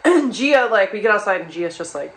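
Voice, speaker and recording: A young woman tells a chaotic personal anecdote for laughs in casual comedic storytelling, her pitch in an ordinary middle range. She's very animated and brisk, rambling, swearing freely, restarting and adding asides constantly. The recording is low quality.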